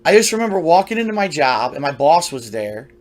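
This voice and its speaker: A man's voice: fairly high pitch, big pitch swings, a little fast. A man telling a long personal story from his youth in a rambling, conversational way, full of restarts and asides.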